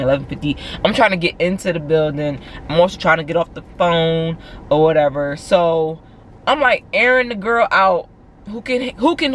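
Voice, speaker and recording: A young woman from Philadelphia with a Philly accent, telling a story in a casual, animated vlog from her car and saying "like" a lot. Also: fairly low pitch, slight background noise. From Philadelphia, USA. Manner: animated, chatty, heavy use of "like". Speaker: vlogger.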